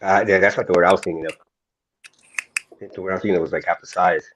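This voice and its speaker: A man leading casual chat on a panel, halting and hesitant, with many fillers. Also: low-pitched, steady tone, noisy background. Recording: dull lo-fi sound.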